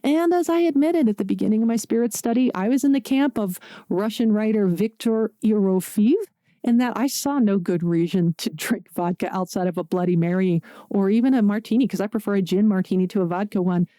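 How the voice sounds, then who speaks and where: A woman's voice: medium pitch, a little fast, dark tone, dry recording, studio quality. A woman from Pittsburgh hosting a solo podcast, talking in a chatty, conversational way with jokey asides. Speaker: podcast host.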